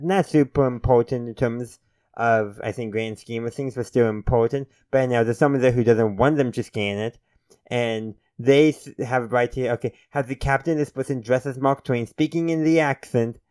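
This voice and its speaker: A man's voice: mid-range voice, darkish tone, clear, resonant tone, no room sound. A man hosting his own channel, casually reviewing a TV episode in a rambling, self-correcting way and chuckling now and then. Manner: friendly sign-off to viewers.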